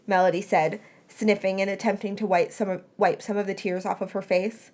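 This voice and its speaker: Woman reading a story aloud, mid pitch. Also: normal speed. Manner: plain steady reading with small slips. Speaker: podcast reader. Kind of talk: reading fan fiction aloud.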